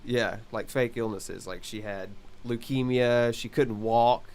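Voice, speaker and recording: A man co-hosting a podcast, telling a story in a halting way with many fillers. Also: medium pitch, fairly even intonation, darkish tone, smooth. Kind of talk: casual chat.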